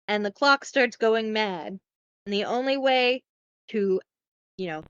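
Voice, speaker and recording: A woman co-hosting a casual podcast, retelling a film in a chatty, profane, animated way. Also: mid-range voice, smooth, no room sound, highs cut off. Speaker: podcast co-host.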